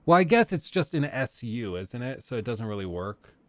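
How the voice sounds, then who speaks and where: Young male live-stream host, casual and jokey, laughs often, average pitch, dry close sound. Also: big pitch swings, moderate pace, no echo. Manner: rambling, joking, laughs often. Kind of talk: casual chat with live chat viewers.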